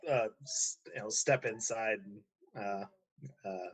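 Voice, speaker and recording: A man's voice: on the low side, slow pace, husky. A man playing a tabletop game, hesitant with many fillers, and joking with the table. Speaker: player. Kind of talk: casual tabletop play.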